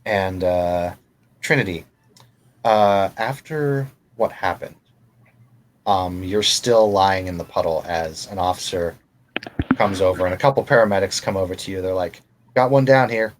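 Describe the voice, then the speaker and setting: A man's voice: deep voice, unhurried, slight background noise. A man narrating as game master of a tabletop game, in a loose, rambling way.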